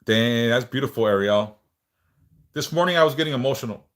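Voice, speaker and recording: A man's voice: medium pitch, brisk. A man hosting a livestream, leading prayers and then chatting casually, swearing now and then and sometimes repeating words as he speaks. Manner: relaxed, swears casually, reads chat aloud; speaks of stuttering, some word repeats.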